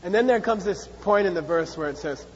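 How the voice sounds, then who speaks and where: High-voiced male teacher with a chatty, sarcastic lecture style, muffled recording in a reverberant hall. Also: animated, brisk, breathy edge. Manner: chatty, repetitive, acts out voices with playful sarcasm. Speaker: Buddhist teacher. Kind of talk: dharma class lecture.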